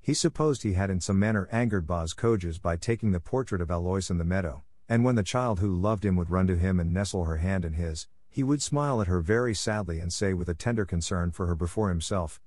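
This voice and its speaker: A man narrates a classic novel in a measured, gentle reading. His voice sits low. The recording is dry and close, with no room sound. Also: no room sound. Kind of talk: scripted storybook narration.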